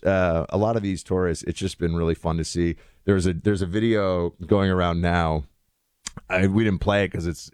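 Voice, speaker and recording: A man's voice: low-pitched, a little mellow, no room sound, studio quality. A man hosting a show, chatting in casual commentary with lots of fillers and restarts. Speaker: show host.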